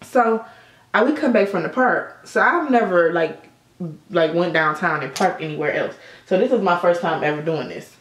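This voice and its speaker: Expressive and fairly low-pitched, a young woman vlogs a makeup tutorial at normal speed, telling chatty stories peppered with swearing. The setting is an indoor room at sunset, with reverb and slight background noise.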